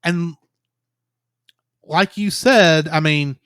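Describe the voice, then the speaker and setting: A man co-hosting a podcast, calmly and analytically talking through a film's story in casual chat. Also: on the high side, extremely slow, clear, resonant tone, no room sound, studio quality. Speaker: podcast co-host. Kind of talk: casual film review chat.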